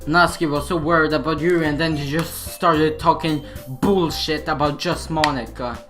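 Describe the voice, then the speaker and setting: A man doing gaming commentary, reacting with loud, exasperated, swearing outbursts. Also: fairly high pitch, fairly even intonation, moderate pace, music in the background. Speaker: let's play gamer.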